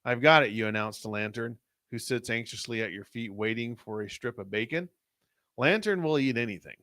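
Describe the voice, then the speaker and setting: A man's voice: medium pitch, no room sound, clean studio sound. Man reading a story on a podcast. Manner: steady reading, short agreeing replies. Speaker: podcast co-host reading aloud. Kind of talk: narrating a story aloud.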